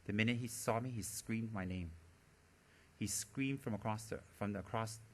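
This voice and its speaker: A man, a Buddhist teacher, giving a dharma talk as animated storytelling, often laughing and teasing his listeners. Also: lowish voice, moderate pace, a little hiss or hum.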